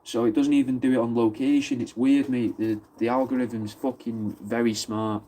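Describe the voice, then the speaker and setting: A man's voice: medium pitch, flat delivery, normal speed, dark tone, a little hiss or hum. A man from Manchester with a Mancunian accent, chatting casually on a live stream, answering viewers' comments and swearing freely. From Wythenshawe, Manchester. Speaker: livestream host.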